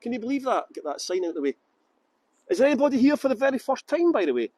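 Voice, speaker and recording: Chatty high-voiced Scottish man. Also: very animated, very fast, darkish tone, no room sound. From Scotland. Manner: chatty, upbeat, greets viewers by name. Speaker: tour guide host. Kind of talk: live virtual tour chat.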